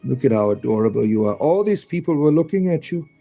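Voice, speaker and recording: A man's voice: mid-range voice, expressive, fast talker, gravelly, mellow, soft background music. A man live streaming in a casual chat, cooing at his pets in a playful, rising baby-talk voice.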